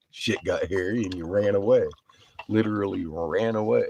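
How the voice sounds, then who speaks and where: A man's voice: on the low side, expressive, slow pace, pauses often, darkish tone, slight background noise. A man telling a rambling story in a casual vlog, cursing freely and breaking into laughter. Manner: rambling, profane, laughs often. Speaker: vlogger.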